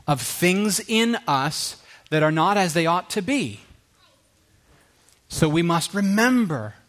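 Earnest man preaching a sermon. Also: a little high. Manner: earnest, emphatic, repeats phrases, drops to a quiet hush. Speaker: pastor.

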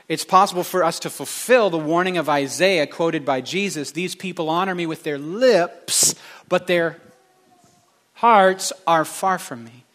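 A man's voice: on the high side, bright, forceful tone. A male pastor preaching a sermon with passion, stressing his points through repeated phrases.

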